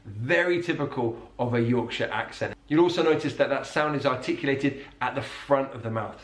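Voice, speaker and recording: A man teaching English accents in scripted narration, slowing down to demonstrate sounds. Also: mid-range voice. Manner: explanatory, demonstrates sounds slowly. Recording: roomy echo.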